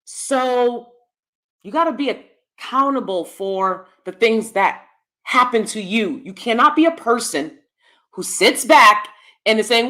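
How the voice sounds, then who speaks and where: A middle-aged woman runs her own YouTube commentary channel, lecturing bluntly in a casual monologue to the camera. Her voice is expressive and sharp, with a measured pace, and she swings between low asides and emphatic bursts.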